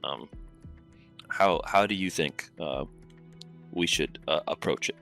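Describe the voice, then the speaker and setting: A man's voice: a bass voice, slow, creaky, a bit bright, faint music behind. A man playing a character in a tabletop game, speaking hesitantly with many fillers and frequent laughs. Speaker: player. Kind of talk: in-character tabletop role-play.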